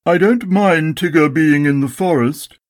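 A man voicing a gloomy, sarcastic old male donkey with a slow, mournful drawl, in a storybook reading. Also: a little high, no echo, clean studio sound, pitched above the performer's own voice, lightly acted.

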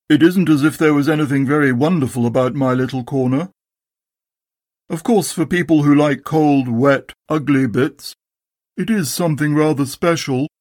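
A man voicing a gloomy, sarcastic old male donkey with a slow, mournful drawl, in a storybook reading. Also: on the high side, a little mellow, no room sound, clean studio sound, lightly acted.

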